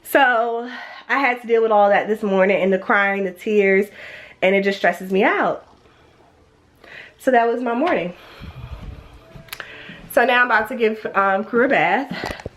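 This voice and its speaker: A woman's voice: mid-range voice, unhurried, long pauses, a bit bright. Young woman, sick and congested, rambling chatty home vlog filmed on a phone. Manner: chatty, rambling, many fillers. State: congested, stuffy-nosed. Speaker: vlogger and mother. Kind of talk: casual home vlog chat. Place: at home, indoors.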